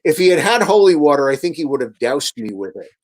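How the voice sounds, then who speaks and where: A man, a radio host and author, guesting on a radio show and telling long, animated anecdotes with many restarts. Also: a little high, quick pace. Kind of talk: storytelling in a radio interview.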